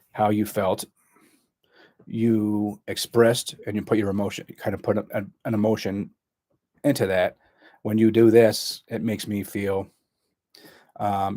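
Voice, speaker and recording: Low-voiced therapist guy explaining stuff, lots of ums and restarts, dry sound. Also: a little mellow, dry recording. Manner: halting, full of fillers and restarts. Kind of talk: explaining a communication skill.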